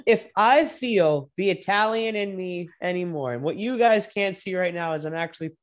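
A young man co-hosting a casual racing podcast, animated and profane, sometimes breaking into loud drawn-out shouts. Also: high voice. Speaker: podcast co-host. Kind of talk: casual sports chat.

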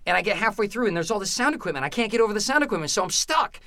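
Casting note: middle-aged male stand-up comic, tense bright tone, animated storyteller who keeps checking in with "right?". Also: high-pitched, racing, dry recording, studio quality. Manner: animated, rambling anecdotes with frequent "right?" and "you know". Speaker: stand-up comedian and former comedy booker. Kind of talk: casual storytelling in an interview.

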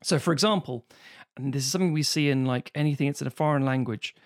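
A man's voice: mid-range voice, fast. A British man in casual podcast chat, swearing freely and slipping into silly voices. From Britain.

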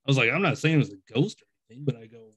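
A man's voice: medium pitch, expressive, rapid-fire, a bit bright, breathy edge. A man telling ghost stories in casual conversation, rambling and acting out quoted dialogue, calling himself a skeptic and an overthinker. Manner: self-described skeptic and overthinker.

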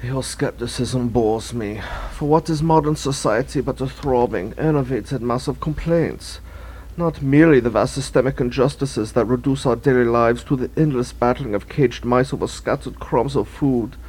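An actor playing a pompous, pretentious band leader who puts on a fake European accent and talks down to everyone, in a comedy radio sketch. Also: male voice, medium pitch, normal speed, darkish tone, husky, lightly acted, poor audio. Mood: lecturing. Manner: supercilious, condescending.

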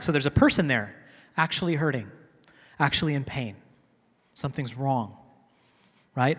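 A man's voice: mid-range voice, lively intonation, normal speed, long pauses, a bit bright, slightly rough. A man giving a teaching sermon to a congregation in a conversational way, often checking in with "right?". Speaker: teaching pastor. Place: church hall with a congregation. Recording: long reverb of a hall.

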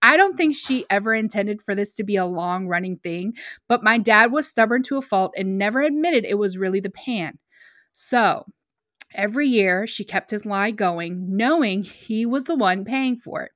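A young woman co-hosting a podcast, reading a story aloud and then chatting, emotional and quick to get choked up. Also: medium pitch, lively intonation, a bit bright, no room sound, studio quality. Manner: emotional, choked up, laughs often. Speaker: podcast co-host.

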